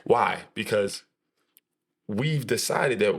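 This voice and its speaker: A young adult man co-hosting a podcast in casual chat, animated and jokey with a preacher-like emphasis. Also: on the low side, slow, husky. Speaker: podcast co-host.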